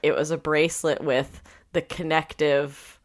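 A woman's voice: low voice, fairly even intonation, measured pace. A woman co-hosting a podcast in casual chat, playful and teasing, laughing often. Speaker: podcast co-host.

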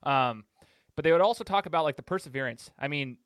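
A man's voice: a little high, lively intonation, fast, fairly bright tone, dry recording, clean studio sound. A man hosting a podcast, asking rambling questions with lots of fillers in a conversational way. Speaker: podcast host. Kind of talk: conversational interview.

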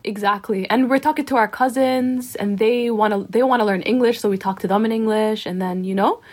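A young woman banters on a podcast, defending herself with a joking edge. Her voice is a little husky and slightly high. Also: fairly even intonation, a little fast, a little mellow. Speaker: podcast co-host. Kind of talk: casual chat.

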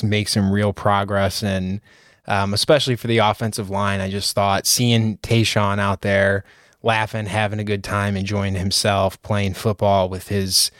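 A man's voice: on the low side, smooth, no echo, clean studio sound. A man co-hosting a sports podcast in a chatty, easily amused way, often repeating words as he goes. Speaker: podcast co-host. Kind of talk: casual sports podcast chat.

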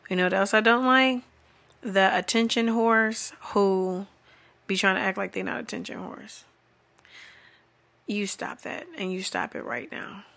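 A woman with a bright, forceful voice delivers an unscripted comedic rant. She is blunt, profane and exasperated, and often breaks into laughter. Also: medium pitch, gravelly. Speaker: vlogger.

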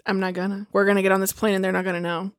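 A woman in her thirties co-hosting a casual podcast chat about horror films, animated, swearing and firing off rhetorical questions. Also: medium pitch, racing. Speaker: podcast co-host.

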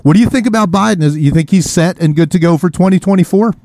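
A man's voice: high-pitched, fast, darkish tone, no echo. A man co-hosting a podcast, talking in casual chat, rambling with lots of fillers. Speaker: podcast co-host.

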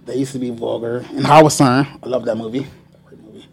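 A man's voice: medium pitch, steady tone, fast talker, gravelly. A man, co-hosting a casual podcast chat, rambling with lots of fillers and casual swearing. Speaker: podcast co-host.

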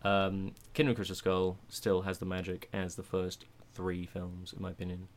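A young British man hosting a podcast, chatting casually in a sweary, excitable, rambling way. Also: low-pitched, moderate pace, slight background noise. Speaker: podcast host. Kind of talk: casual chat.

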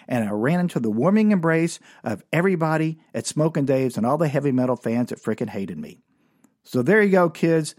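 A man's voice: dry recording, clean studio sound. A man telling a rambling, self-mocking comic story in a monologue. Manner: rambling, self-mocking, with animated swings in pitch. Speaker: comedian and storyteller.

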